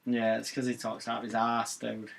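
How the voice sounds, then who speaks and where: A man's voice: mid-range voice, monotone, moderate pace, gravelly, breathy edge. A man hosting a live match watch-along, ranting bluntly about football with swearing and banter. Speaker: fan channel host.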